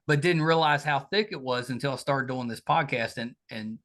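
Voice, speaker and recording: A man's voice: medium pitch, normal speed. A man with a thick Southern US accent hosting a podcast interview, folksy and enthusiastic. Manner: folksy, enthusiastic, lively intonation. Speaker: podcast host. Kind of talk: casual interview chat. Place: home studio in Virginia.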